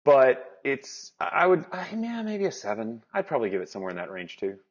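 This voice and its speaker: A man's voice: medium pitch, huge pitch swings, a little fast. Rambling man reviewing movies, lo-fi. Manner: rambling, self-interrupting, laughs often. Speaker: podcast co-host. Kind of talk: casual movie review chat. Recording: dull lo-fi podcast audio.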